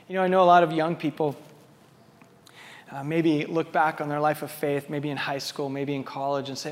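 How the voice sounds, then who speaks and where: Guy preaching a sermon, high voice, goes quiet then loud, big echoey hall. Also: moderate pace. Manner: conversational, wide swings from soft to loud. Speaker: pastor. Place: church sanctuary with a small live audience.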